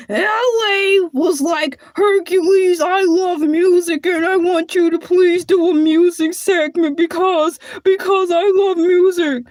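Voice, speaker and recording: Woman playing a boastful male cartoon shark, very high squeaky voice, sighing show host, dry close sound. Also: darkish tone, no echo. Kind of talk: comedy character monologue.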